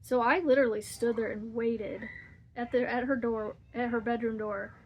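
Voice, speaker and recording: A woman's voice: a little high, steady tone, normal speed, husky, lo-fi sound. A woman hosting a crochet channel, chatting casually while she crochets and rambling through a story with frequent laughs.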